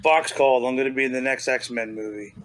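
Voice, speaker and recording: A man guesting on a casual podcast, jokey and quick to laugh. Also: medium pitch, fairly even intonation, low-quality recording. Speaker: band member guest.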